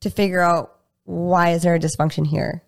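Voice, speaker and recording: Gravelly woman explaining her practice. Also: moderate pace. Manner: animated, acts out patient dialogue in higher voices. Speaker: guest practitioner. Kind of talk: casual interview chat.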